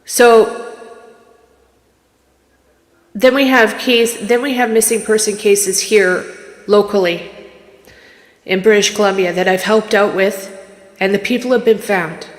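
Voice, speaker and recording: A woman's voice: medium pitch, steady tone, a little slow, long pauses. Rambling woman streaming from an echoey room. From Canada. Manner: rambling, candid, emotional, restarts. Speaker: psychic medium streamer. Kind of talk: casual livestream chat. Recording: echoey room with long reverb.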